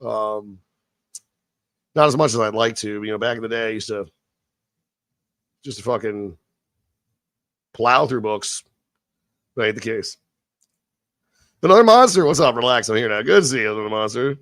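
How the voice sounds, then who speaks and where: A man hosts a live stream, talking casually and ranting in a rambling, profane way, then slowly reading scripted narration. His lowish voice has a fairly bright tone, with no echo and clean studio sound.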